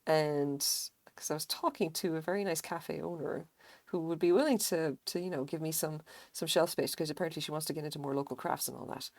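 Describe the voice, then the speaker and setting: Woman streamer, low gravelly voice, dry close sound, chatty and salty, talks herself through crochet rows. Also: brisk, hardly any pauses, darkish tone, dry recording. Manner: chatty, swears casually, mutters pattern notes to herself. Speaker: crochet livestreamer. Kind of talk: casual live-stream chat while crocheting.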